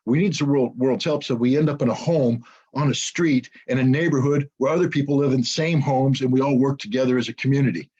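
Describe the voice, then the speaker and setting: Husky middle-aged man, emphatic commentary. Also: medium pitch, quick pace, mellow, lo-fi sound. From United States. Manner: emphatic, rhetorical questions and repetition. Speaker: geopolitical commentator. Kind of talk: impassioned monologue.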